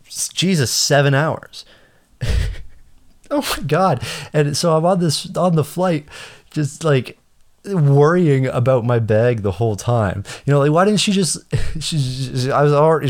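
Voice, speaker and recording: A man telling a rambling story in casual chat, stammering and repeating words, his voice jumping up when he gets indignant. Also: medium pitch. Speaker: traveler telling an airport story.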